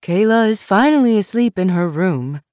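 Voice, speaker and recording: A woman voicing a brisk, stern, heavy-set Southern woman of about sixty, with an upcountry Southern accent. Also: medium pitch, lively intonation, a little mellow, dry recording, studio quality, pitched above the performer's own voice, lightly acted. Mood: grave. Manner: brisk, commanding.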